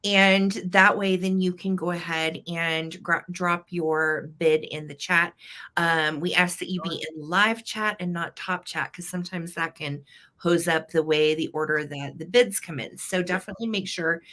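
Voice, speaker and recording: Upbeat woman host for a live-sale stream, bright voice, chatty and welcoming by name. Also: lowish voice, fairly even intonation, moderate pace. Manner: chatty, greets viewers by name. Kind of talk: casual live-stream chat.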